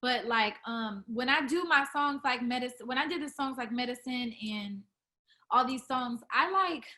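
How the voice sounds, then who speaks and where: A woman's voice: sits high, moderate pace, pushed and bright. A young woman who sings R&B, chatting casually in an interview, full of fillers and restarts. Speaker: R&B singer, interview guest.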